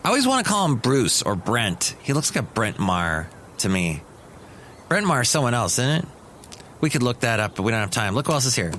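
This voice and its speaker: Man, middle-aged, podcast host, wry, rambling, mid-pitched. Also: very animated, fairly quick, fairly bright tone, a little hiss or hum. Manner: wry, meandering, chatty. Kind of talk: rambling solo comedy podcast.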